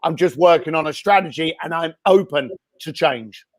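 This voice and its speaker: A man answering interview questions over a video call in a blunt, energetic way, with many fillers and restarts, his voice a little hoarse. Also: on the high side, moderate pace. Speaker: guest speaker and entrepreneur.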